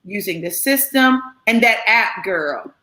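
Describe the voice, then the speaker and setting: A woman talking excitedly as a guest on a live stream, emphatic and repeating herself for effect. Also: mid-range voice, a little slow, echoey room, noisy background. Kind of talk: excited casual chat.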